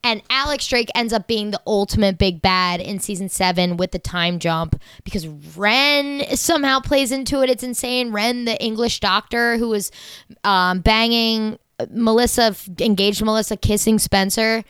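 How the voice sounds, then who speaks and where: A young woman chatting excitedly on a podcast, swearing freely and rushing through asides. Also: fairly high pitch, clean tone, no echo. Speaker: podcast co-host. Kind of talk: casual chat.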